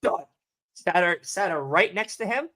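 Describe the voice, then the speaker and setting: A young man co-hosting a livestream, telling a story in animated casual chat and swearing often. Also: high-pitched, unhurried. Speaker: livestream co-host.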